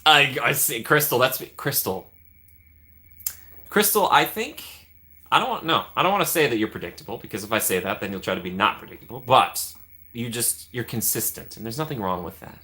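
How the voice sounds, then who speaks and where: Bright-voiced man chatting on a live stream. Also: mid-range voice, expressive, a little fast. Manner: chatty, laughs often, answers viewers by name. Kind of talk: casual live-stream chat.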